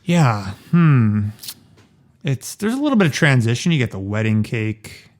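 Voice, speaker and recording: A man's voice: mid-range voice, big pitch swings, a little slow. A man co-hosting a podcast in casual chat, explaining things in a playful way and laughing often. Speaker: podcast co-host.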